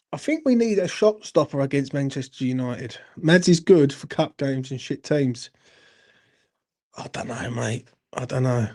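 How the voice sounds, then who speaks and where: A man's voice: medium pitch, darkish tone. A man, hosting a live football fan stream and chatting bluntly to viewers while reading out their comments. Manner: blunt, sweary, chatty, addresses viewers as mate. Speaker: football fan channel host.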